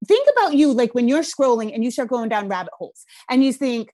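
Lively Rhode Island podcast host woman. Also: on the high side, fast talker, no room sound. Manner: energetic, swears casually. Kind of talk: casual podcast conversation.

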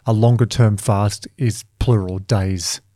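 A man's voice: fairly low pitch, steady tone, slow pace, dark tone, dry recording, clean studio sound. A man hosting a casual podcast interview, chatty and joking in an informal way. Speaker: podcast host.

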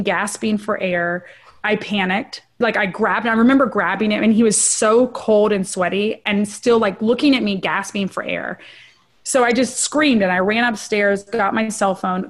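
An interview guest, a middle-aged woman researching trauma, tells her own story frankly in a mid-range voice. She checks in often with a short "right?"

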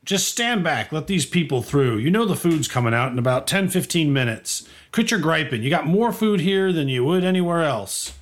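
A man doing a bossy, high-voiced gate guard. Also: animated, moderate pace, hardly any pauses, natural voice. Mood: brusque. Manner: brusque, ordering people around. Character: gruff male gate guard, bossy and dismissive.

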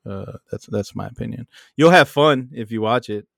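A man guesting on a podcast in easygoing casual chat, laughing often and filling pauses with "uh". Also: medium pitch, gravelly, a bit bright, dry recording, clean studio sound.

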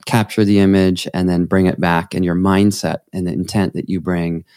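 A man with a fairly low voice talks on a podcast, rambling through his thoughts with bursts of enthusiasm. The sound is dry and close, with no room around it. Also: moderate pace, smooth, dry recording. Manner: enthusiastic, rambling, animated storytelling. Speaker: podcast guest, photographer. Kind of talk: conversational interview.

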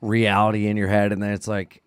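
A man co-hosting a comedy podcast, firing off quick questions and banter in casual chat. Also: lowish voice, monotone, clean tone, no room sound, studio quality. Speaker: podcast co-host.

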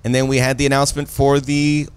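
A man's voice: medium pitch, little pitch movement, fast talker, clear, resonant tone, no room sound. A middle-aged man co-hosting a casual podcast from an office building, with a jokey, upbeat delivery. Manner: jokey, hypey intro delivery. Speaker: podcast co-host. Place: office building, top floor.

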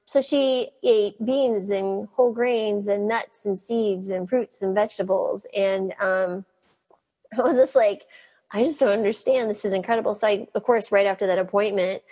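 A middle-aged woman doctor telling lively stories in an interview, laughing often and mimicking the people she quotes. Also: mid-range voice, moderate pace. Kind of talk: storytelling in an interview.

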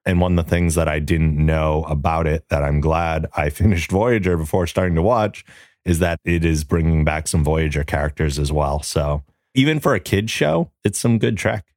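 A man with an extremely low, deep radio voice chats casually as a podcast co-host. He sounds relaxed and enthusiastic, recorded close and dry with no room sound. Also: normal speed, dry recording. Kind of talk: casual chat.

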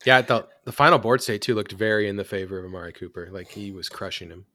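A man's voice: on the low side, quick pace, bright, forceful tone, dry recording, studio quality. A man hosting a casual sports podcast, rambling with many fillers while he has the hiccups. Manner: rambling, self-interrupting, lots of fillers. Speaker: podcast host.

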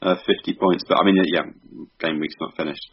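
Deep-voiced laid-back podcast co-host. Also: male voice, fairly even intonation, fairly quick, slightly rough. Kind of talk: casual podcast chat. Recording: dull lo-fi sound.

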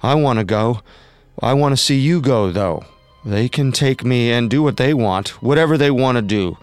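Faint music plays behind a dry recording of a voice actor lightly performing a middle-aged cult leader in a dramatized reenactment of recorded speech. In a smooth, mid-range voice at normal speed, he preaches and pleads with followers in a repetitive, sermon-like way.

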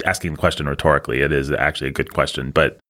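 Deep-voiced man trading film opinions. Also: fairly even intonation, rapid-fire, sharp tone. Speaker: podcast co-host. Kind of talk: casual film review chat.

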